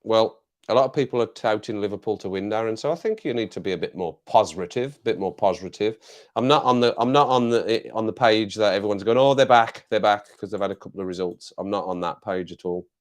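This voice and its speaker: An English man with a lowish voice talks fast as he hosts a casual live chat with viewers from his home desk. Using a clip-on mic, he's jokey and rambling and laughs often.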